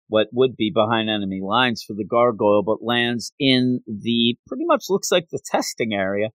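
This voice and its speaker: A man casually retelling a comic book story in a chatty, animated way, acting out the scenes as he goes. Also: medium pitch, dry recording.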